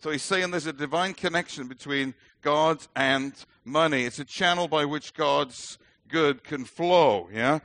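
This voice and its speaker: A man's voice: fairly high pitch, unhurried, hardly any pauses, fairly bright tone. A middle-aged man with a British accent preaching a sermon as a minister, earnest and emphatic with light self-deprecating humor.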